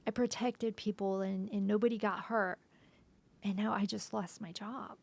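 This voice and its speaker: A woman being interviewed as a podcast guest, retelling a painful personal story haltingly, with restarts and frequent drops to a soft whisper. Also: medium pitch, steady tone, creaky.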